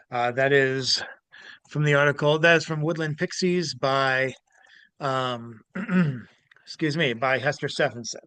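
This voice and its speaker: A man hosting a casual podcast, animated, laughing easily and stumbling over words as he chats and reads aloud. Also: medium pitch, a little slow, clean tone, no echo. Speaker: podcast host. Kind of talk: casual chat and reading aloud.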